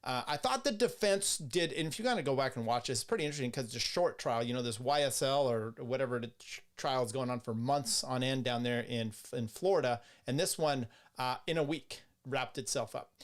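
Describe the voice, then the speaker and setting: A man's voice: medium pitch, fairly quick. A man hosting a casual solo livestream, rambling with restarts, crude asides and laughs at his own remarks. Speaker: host.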